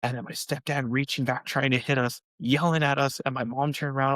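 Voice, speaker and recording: A man's voice: flat delivery, brisk, hardly any pauses, fairly bright tone, dry recording, poor audio. A young man co-hosting a podcast, telling family stories in casual chat and acting out quoted lines. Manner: storytelling, acts out quotes in high voices. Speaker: podcast co-host.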